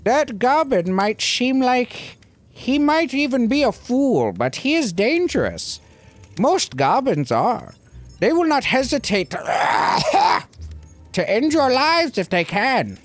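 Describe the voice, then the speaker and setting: Brief: cautious elder guardian, slow, stern warnings, read by a gamer. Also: medium pitch, sing-song, dry recording, soft background music, voice pushed up.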